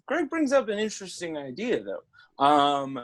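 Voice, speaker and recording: A man co-hosting a casual comedy podcast, rambling and halting as he cracks deadpan jokes. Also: on the high side. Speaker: podcast co-host.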